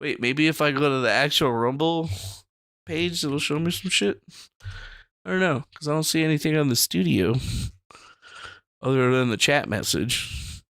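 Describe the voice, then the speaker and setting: A man's voice: a little high, lively intonation, normal speed, gravelly, pauses often, fairly bright tone, no echo. A young man hosting a livestream, ranting in a casual, profane and rambling way from a small room. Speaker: livestream host. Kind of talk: casual political rant.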